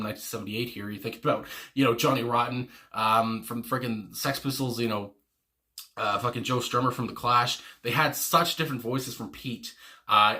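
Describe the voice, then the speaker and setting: A man's voice: medium pitch, sharp tone. A man giving casual, rambling reaction commentary as host, enthusiastic and full of fillers and the odd swear word. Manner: enthusiastic, fond.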